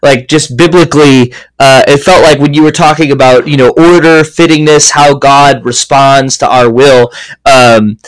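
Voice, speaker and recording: A man's voice: medium pitch, steady tone, normal speed, low-quality recording. A man hosting a casual interview, hesitant and full of fillers. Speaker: podcast host.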